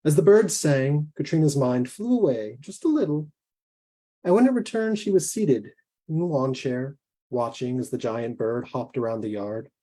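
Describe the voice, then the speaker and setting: A man, a guest author, reading his own fiction aloud in a measured, deliberate way. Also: mid-range voice, expressive, warm tone.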